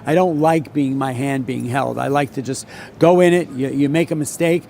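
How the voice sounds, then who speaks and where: A man's voice: medium pitch, moderate pace, creaky, darkish tone, slight background noise. An older man telling trading stories in a rambling way, full of restarts and repeats. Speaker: veteran floor trader. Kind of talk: solo talk with anecdote.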